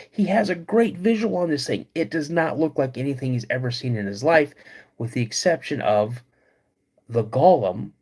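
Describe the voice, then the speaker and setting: A man hosting a live podcast, retelling a creepy encounter slowly with dramatic pauses. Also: medium pitch, a little mellow, husky. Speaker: podcast host.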